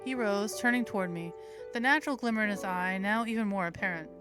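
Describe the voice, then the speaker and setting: A woman's voice: medium pitch, fast, over music. Playful woman reading a dating game aloud. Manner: playful, giggly, crude jokes between narration. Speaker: host.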